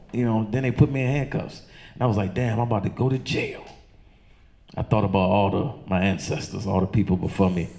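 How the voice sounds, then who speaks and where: A man from Chesterfield County, Virginia, does loose, profane stand-up storytelling on a comedy club stage, his voice dark in tone. He jumps into high, squeaky voices for the characters in his stories.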